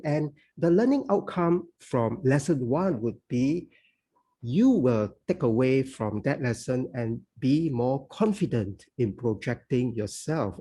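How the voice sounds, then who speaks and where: Slow, husky man teaching. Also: medium pitch, warm tone. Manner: explanatory, peppered with "you know". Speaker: English oral exam tutor. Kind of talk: online lecture to students. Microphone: video call.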